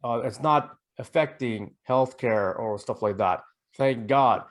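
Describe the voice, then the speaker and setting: A man speaks at an ordinary pitch in a relaxed political conversation. He pauses on fillers, then lands blunt, pointed lines. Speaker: podcast co-host. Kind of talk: casual political chat.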